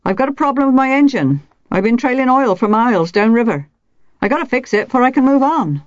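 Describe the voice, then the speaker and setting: A woman's voice: a little high, lively intonation, brisk, dry recording, highs cut off, pitched above the performer's own voice, close to an everyday voice. A woman doing an insolent, scornful boatman. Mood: dismissive. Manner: dismissive, half-amused. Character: scornful, insolent male boat traveler.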